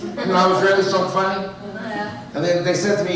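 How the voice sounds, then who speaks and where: High-voiced New York man preaching in a church. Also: flat delivery, fairly quick, pauses often, a crowd in the background. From United States. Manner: conversational, jokey asides, quotes others in dialogue. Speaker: guest speaker at a church. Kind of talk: church talk with storytelling and jokes. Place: church sanctuary. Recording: roomy echo, distant mic.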